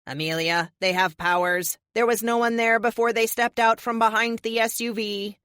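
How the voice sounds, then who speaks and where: A woman's voice: a little high, steady tone, moderate pace, fairly bright tone, clean tone, no room sound, studio quality, voice pushed up, close to an everyday voice. A woman voicing a protective, earnest male friend who talks in a worried tone. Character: big loyal protective male best friend.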